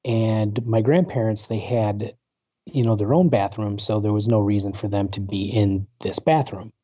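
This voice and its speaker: In this dry, dull lo-fi video call, a man in his forties speaks in a lowish voice at a moderate pace with a warm tone. A paranormal researcher appearing as a talk show guest, he rambles through a personal story in a casual interview, full of fillers and restarts.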